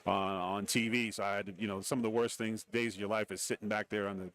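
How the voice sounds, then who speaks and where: Low-voiced man telling stories in an interview. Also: steady tone, quick pace, fairly bright tone. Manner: rambling anecdotes with acted-out quotes. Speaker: interview guest, former wrestler. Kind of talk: casual interview storytelling. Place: radio row at a large event.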